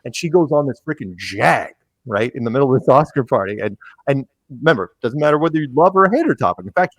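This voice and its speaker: A man's voice: mid-range voice, no echo. A man who is a podcast guest, telling rambling anecdotes in casual conversation and acting out quotes along the way.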